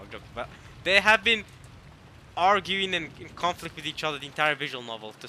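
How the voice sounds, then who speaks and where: A man's voice: on the high side, slight background noise, low-quality recording. A man giving casual, joking commentary while playing a visual novel, often repeating and correcting himself. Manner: animated, joking, self-interrupting. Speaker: video game streamer. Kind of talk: casual let's-play commentary.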